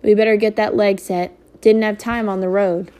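A woman voicing a big, quiet hired man who speaks softly and tersely. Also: medium pitch, level tone, moderate pace, close to an everyday voice. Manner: soft, terse.

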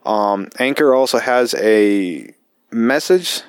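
A man's voice: mid-range voice, animated, slow pace, clean tone, no room sound. Male vet podcaster, casual swearing storyteller, dry close sound. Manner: profane, rambling, with frequent fillers. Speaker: podcast host, military veteran.

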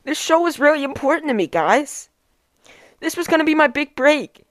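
Woman doing a prim fifteen-year-old boy host, flustered, scolding, highish voice, dry sound. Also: expressive, moderate pace, no echo. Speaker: host of a call-in show. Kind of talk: comedy skit.

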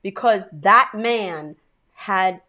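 Woman podcast host, casual, swears while telling stories, mid pitch. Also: very slow, pushed and bright. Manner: profane, heartfelt storytelling. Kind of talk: casual chat.

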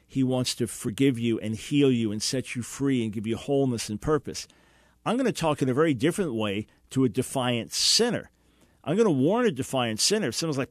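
Guy hosting a call-in radio show, earnest explainer, mid pitch, dry close mic. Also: lively intonation, brisk, no echo. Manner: earnest, explanatory, acts out quoted dialogue. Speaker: radio show host answering callers.

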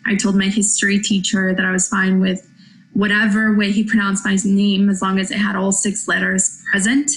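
A woman telling a personal story in a relaxed way. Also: medium pitch, moderate pace, poor audio.

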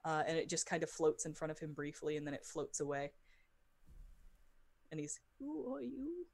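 A woman runs a tabletop game in a low voice, narrating scenes as game master. Her delivery halts on fillers and restarts. The sound is dry and close. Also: flat delivery, a little mellow, dry recording. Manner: halting, many fillers and restarts.

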